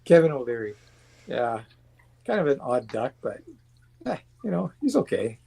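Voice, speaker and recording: A man's voice: medium pitch, big pitch swings, normal speed, creaky, mellow, breathy edge. A man chatting as a guest on a livestream, blunt and rambling, swearing freely. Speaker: guest watch collector. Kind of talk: casual livestream chat.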